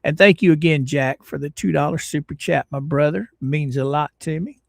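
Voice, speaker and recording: A middle-aged man from Florida, hosting a casual livestream and greeting his viewers in a folksy, drawn-out way. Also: fairly high pitch, creaky, no echo, studio quality. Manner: folksy, drawn-out greetings, lively ups and downs. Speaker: livestream host.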